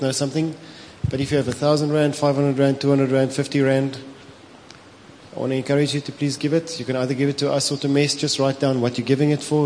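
A pastor with a South African accent, preaching a sermon, telling stories with animation, slipping into Afrikaans and laughing often. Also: male voice, medium pitch, a little mellow, slight background noise. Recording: long hall reverb with faint ambience.

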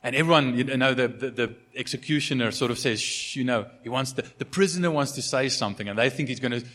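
A South African pastor preaches a sermon in a conversational style, packed with fillers and repeated starts. He has a mid-range, fairly bright voice and speaks fast.

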